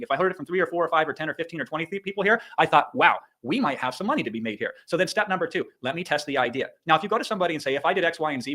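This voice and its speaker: A middle-aged man from Iowa giving an energetic motivational livestream talk as an online business coach, emphatic and punchy, dropping profanity and sound effects. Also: a little high. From Iowa, USA.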